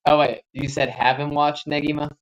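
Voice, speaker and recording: A man's voice: on the high side, little pitch movement, normal speed, lo-fi sound. A man co-hosting a livestream, chatting casually while gaming and telling rambling anecdotes with cautious recommendations. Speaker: livestream co-host.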